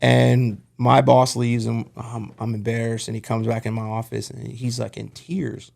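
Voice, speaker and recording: A man with a gravelly, creaky edge to his mid-pitched voice, talking in a relaxed podcast chat. He tells stories from his working life in an earnest, candid way, as the show's host. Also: normal speed. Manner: candid, earnest storytelling about work. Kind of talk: casual podcast conversation.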